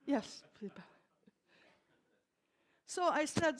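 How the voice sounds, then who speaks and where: High-voiced older woman minister, folksy. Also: expressive, unhurried, a little hiss or hum. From Milwaukee, USA. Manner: folksy storytelling with wry humor. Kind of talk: sermon. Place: church.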